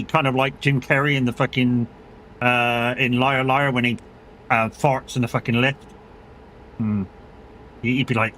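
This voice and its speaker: A man's voice: mid-range voice, steady tone, normal speed, pushed and bright, a little hiss or hum. A man streaming a game live, chatting casually, swearing freely and bantering with his chat. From United Kingdom.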